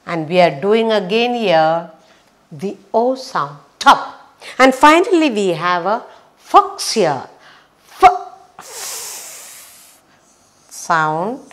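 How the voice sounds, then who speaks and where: A woman teaching a children's phonics lesson, sounding out letters slowly and repeating each one. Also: mid-range voice, very animated, a bit bright.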